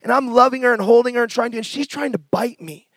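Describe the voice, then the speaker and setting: A middle-aged man preaching a testimony sermon, telling his story with passion and bursts of shouting, then reading scripture slowly and softly. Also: very high-pitched, no room sound.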